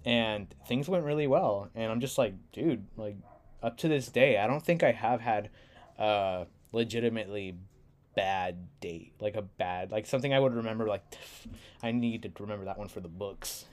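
A man's voice: on the low side, normal speed. A young man from San Diego hosting a podcast, talking in a laid-back, rambling way and laughing often. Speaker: podcast host. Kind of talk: casual chat.

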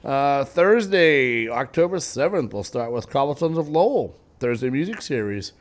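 Animated, jokey male radio host. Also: medium pitch, moderate pace. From New England. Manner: jokey, animated, laughs often. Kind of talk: casual radio banter. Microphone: studio mic.

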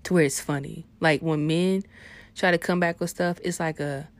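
A young woman delivering a profane comedic rant, swinging between hushed asides and loud outbursts. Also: low-pitched, fairly even intonation, moderate pace. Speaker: vlogger.

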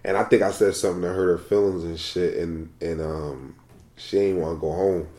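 Blunt, low-voiced man in an echoey room. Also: fairly even intonation, moderate pace, dark tone, a little hiss or hum. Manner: blunt, brash, profane. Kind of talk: casual chat. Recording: roomy echo.

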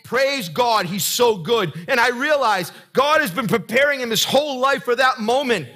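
A male pastor preaching with a high, bright voice that has a husky edge. He talks in an earnest, conversational way and turns often to the congregation with direct questions. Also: expressive, moderate pace, faint music behind. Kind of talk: sermon.

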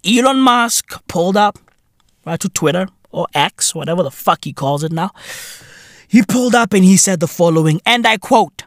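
A young South African man hosting a podcast, ranting in a casual, profane, comedic way with shouting and laughter. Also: sits high, moderate pace, no echo, studio quality. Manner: animated, profane, bursts into loud laughter and shouting. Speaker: podcast host.

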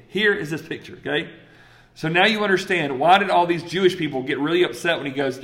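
A man's voice: on the high side, fast. A man from South Carolina with a Southern accent, preaching a conversational sermon, reading scripture and acting out voices. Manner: conversational, animated, quotes scripture and acts out voices.

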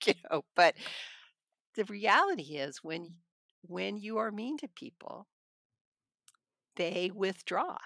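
A woman's voice: mid-range voice, expressive, takes it slowly, gravelly, pauses often, a bit bright, no room sound, clean studio sound. A middle-aged woman, a trial attorney, telling blunt stories in a casual podcast conversation and laughing often.

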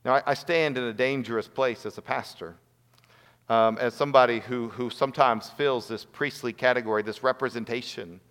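A man's voice: medium pitch, steady tone, moderate pace, a bit bright. A man giving a sermon as a pastor, earnest and storytelling. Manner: earnest, storytelling with acted quotes. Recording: long hall reverb.

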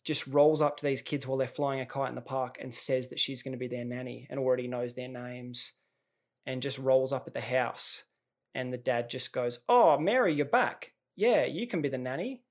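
A man's voice: mid-range voice, completely flat delivery, normal speed. A man, hosting a podcast in a rambling, jokey monologue that often restarts mid-sentence. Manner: rambling, self-interrupting, jokey. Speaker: podcast host. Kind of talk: casual comedic monologue.

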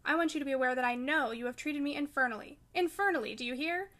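A woman's voice: high voice, quick pace, fairly bright tone. A woman reading the part of a brooding, vengeful young man in an audiobook, with bitter, defiant lines.

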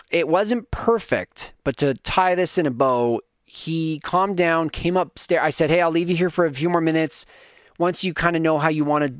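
Animated, rambling podcast host man. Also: fairly high pitch, no room sound, studio quality. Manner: animated, rambling, self-deprecating, with frequent restarts. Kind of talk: casual storytelling rant on a live stream.

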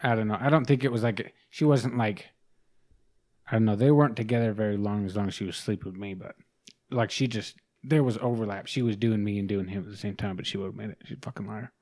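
A man's voice: fairly low pitch, fairly even intonation, fast talker, a little mellow. A young man in casual podcast chat, telling rambling stories with constant swearing. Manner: profane, rambling storytelling. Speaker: podcast guest.

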